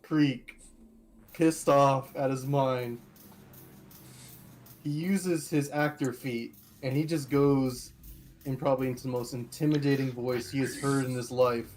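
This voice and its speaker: A man playing in a live-play tabletop game, talking in an animated way and quick to laugh. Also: medium pitch, faint music behind, rough recording. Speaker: player.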